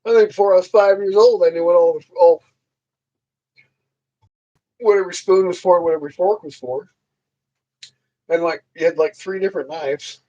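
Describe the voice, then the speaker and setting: A man's voice: high-pitched, steady tone, normal speed, pauses often, warm tone, highs cut off. A man hosting a casual livestream, rambling and joking crudely while answering viewers. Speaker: livestream host.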